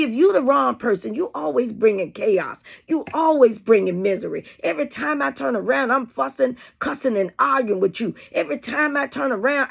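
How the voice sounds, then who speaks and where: A woman's voice: sits high, vocal fry, slightly rough. A woman host giving emphatic, preachy relationship advice straight to her audience, calling them honey and baby. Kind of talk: direct-to-camera advice talk.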